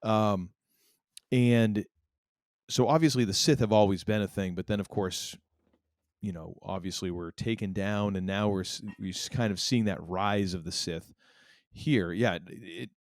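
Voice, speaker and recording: A man co-hosting a podcast, chatting casually in a rambling, animated way. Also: on the low side, dry recording, clean studio sound. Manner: rambling, animated, quick laughs. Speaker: podcast co-host. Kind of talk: casual chat.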